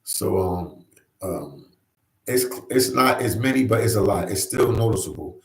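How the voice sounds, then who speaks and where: A man's voice: on the low side, lively intonation, unhurried, creaky, echoey room, poor audio. A man hosting a casual livestream, reading viewer comments and chatting in an easygoing way, repeating himself and often saying "man". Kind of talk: casual live chat. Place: New York.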